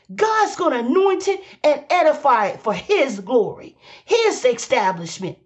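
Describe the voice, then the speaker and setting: A woman's voice: high voice, muffled recording. A woman preaching a fervent sermon, repeating lines for emphasis and calling out to her listeners. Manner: exclaims and hums between phrases.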